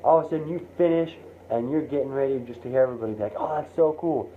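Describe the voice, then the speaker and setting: An animated man spinning a second-person motivational story at an ordinary middle pitch, acting out each scene as he goes. The sound is narrow and phone-like, with a faint hiss underneath. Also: very fast. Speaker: motivational speaker.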